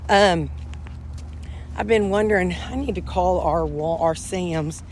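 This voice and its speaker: A woman's voice: medium pitch, a little slow, a little mellow, a little hiss or hum. A woman vlogging at home in a rambling, chatty, self-deprecating way, talking casually to her camera. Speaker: weight-loss vlogger.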